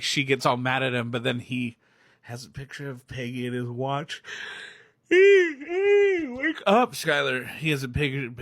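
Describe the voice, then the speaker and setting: A man's voice: medium pitch, dry recording, clean studio sound. A young man ranting casually about a movie, rambling and laughing as he talks. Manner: excitable, rambling, laughs often. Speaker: movie reviewer. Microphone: recorded on phone or camera, self-filmed.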